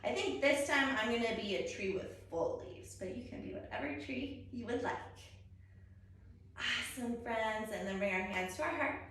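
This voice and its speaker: A woman's voice: fairly high pitch, animated, normal speed, a bit bright, a little hiss or hum. A young woman leading a children's yoga story time, upbeat and encouraging, with sing-song sound effects. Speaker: kids yoga instructor. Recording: echoey room, distant mic.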